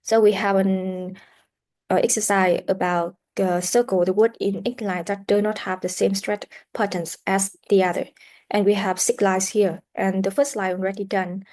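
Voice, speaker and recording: A woman teaching English pronunciation in a recorded lesson, explaining slowly with many "uh" fillers and modeling words for students to repeat. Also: mid-range voice, little pitch movement, darkish tone. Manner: slow, explanatory, with frequent "uh" fillers; models sounds and words for repetition. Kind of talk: recorded classroom lecture.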